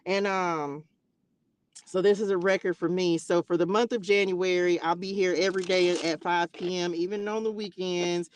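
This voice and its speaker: A woman's voice: fairly low pitch, steady tone, moderate pace, slight background noise. A woman in her forties, a nurse hosting a casual livestream, telling stories and talking straight to her viewers. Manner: chatty storyteller who keeps addressing viewers directly.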